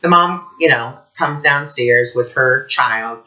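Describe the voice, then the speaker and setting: A man giving a casual teaching vlog as an intuitive teacher, telling stories in an animated way. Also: medium pitch, slow pace, muffled recording. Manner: animated storytelling.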